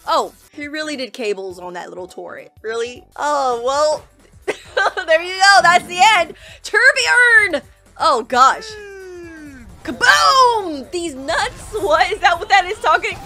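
Woman YouTuber, excitable reaction commentary, high and lively, laughs often. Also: a little slow, soft background music. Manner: animated, laughing often, exclaiming at the screen.

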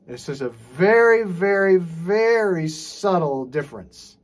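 A man teaching jazz drums in a relaxed, casual way, scat-singing rhythms and checking in with frequent "okay"s. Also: high voice, slow. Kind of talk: casual instructional talk. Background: drum playing.

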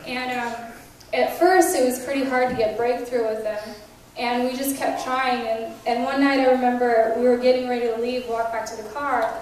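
A woman speaker sharing testimonies at a conference, telling animated stories with quoted dialogue and laughing between lines. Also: on the high side, moderate pace, slight background noise. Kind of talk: testimony storytelling. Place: large conference hall. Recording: echoey hall, voice from a distance.

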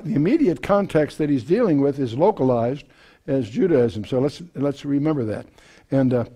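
A man's voice: fairly high pitch, darkish tone, husky. A man teaching a Bible passage verse by verse to a live audience, in a conversational way with folksy asides, frequent fillers and restarts. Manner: folksy asides and self-deprecating humor.

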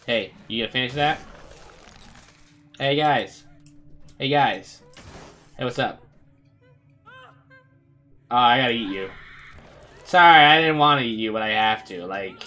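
A man's voice: mid-range voice, a little slow, pauses often, pushed and bright, faint music behind. A man hosting a casual let's-play, joking and talking to the characters on screen as he plays. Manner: playful, jokey, talks to game characters. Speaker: gaming video host.

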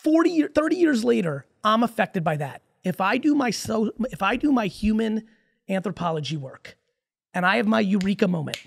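A man in his forties, a podcast guest, talking in a casual, emphatic and profane way with rapid-fire stories. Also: high-pitched, very animated, gravelly, slightly rough. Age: 40s.

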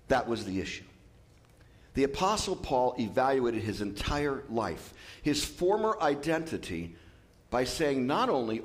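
A man preaching a sermon as pastor, lively and joking with asides. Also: a little high. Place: church.

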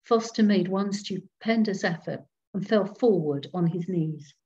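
A woman reading a ghost story aloud at home to a group on a video call, slow and deliberate. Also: fairly low pitch, mellow. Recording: dull video call audio.

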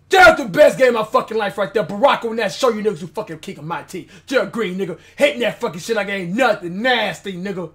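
A young man loudly commentating his own basketball video game, rough and hyped, shouting and trash-talking. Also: high-pitched, animated, quick pace, few pauses, soft background music. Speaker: gaming YouTuber. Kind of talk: loud live game commentary.

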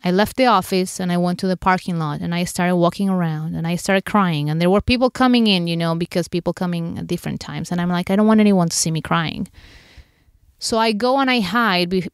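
A woman's voice: lowish voice, smooth, no echo, studio quality. A woman podcast host candidly retelling an emotional personal story, acting out her own inner thoughts as she goes.

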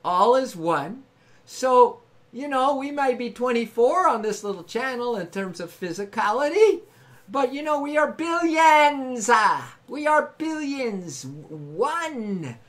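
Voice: mid-range voice, sing-song, slow, a bit bright. A spiritual livestream host giving an ecstatic, laughing talk, calling out to viewers and breaking into sung affirmations. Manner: exuberant, laughing, calls out to viewers. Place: home live stream.

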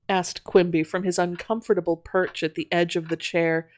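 A woman narrating an audio drama in an expressive storytelling manner. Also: fairly low pitch, normal speed, gravelly, hardly any pauses.

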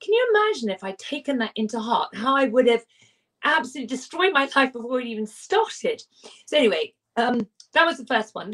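Woman speaker, higher voice, earnest personal storytelling, mic at some distance. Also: sing-song, a little fast, fairly bright tone. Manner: earnest, emphatic, with repeated phrases. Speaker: motivational speaker.

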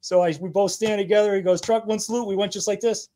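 A man's voice: sits high, level tone, fast, background noise. A man in his fifties, a guest on a podcast, telling rambling, laughing stories from his working years, with casual swearing. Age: 50s. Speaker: guest, battalion chief.

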